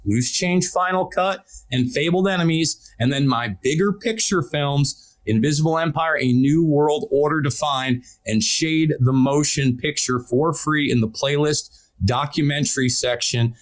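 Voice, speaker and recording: American male podcast host, slightly high voice, forceful and urgent delivery. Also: measured pace. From United States. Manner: emphatic, urgent, repeats words for stress. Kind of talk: political podcast talk.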